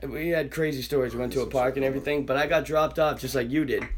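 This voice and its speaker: A young man guesting on a podcast tells a wild story in casual chat, his medium-pitched voice moving at a quick pace. He's animated, swears constantly, and acts out the voices of the people involved.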